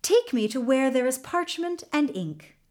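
A woman storyteller voicing a young enchanted woman in a folktale, in a high, urgent, pleading voice. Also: sing-song, a little slow, a little mellow. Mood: gracious.

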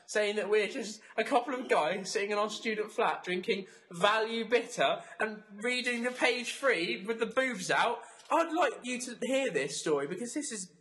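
Bright-voiced young southern English man. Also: sits high. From South of England. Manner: quick, jokey, teasing. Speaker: student radio co-host. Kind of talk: casual comic banter.

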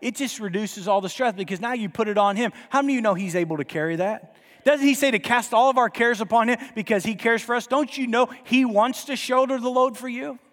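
Long church reverb surrounds this sermon from a male pastor in the sanctuary. His voice is extremely high and a bit bright, and he speaks fairly quickly, pressing the congregation emphatically with rhetorical questions.

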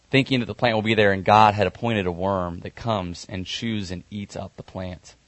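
A male pastor delivers a sermon in a conversational, storytelling way, with the odd "um". His voice sits on the lower side. The sound is dry and close to the mic. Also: dry recording.

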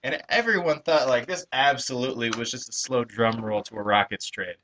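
A man co-hosting a casual sports radio show from a college station studio, jokey and quick to laugh. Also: mid-range voice, fairly bright tone, slight background noise. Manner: jokey, laughs often, mock pleading bits.

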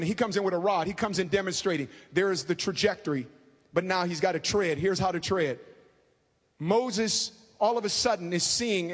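Fervent high-voiced male preacher, hall echo. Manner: fervent, fast-talking, calls out to the congregation. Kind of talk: sermon. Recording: long hall reverb.

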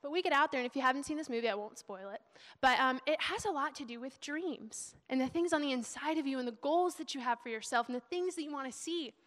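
A woman's voice: sits high, fast, fairly bright tone. A young woman giving a sermon in a chatty, emotional way. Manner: emotional, chatty, laughing preacher. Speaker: preacher. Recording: long hall reverb.

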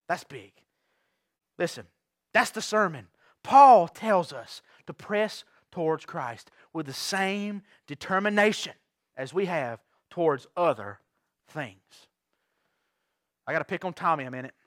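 A man preaching a sermon to his church, telling stories with big swings from quiet asides to shouts. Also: fairly high pitch, animated, slow, pauses often, no echo, clean studio sound. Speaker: pastor.

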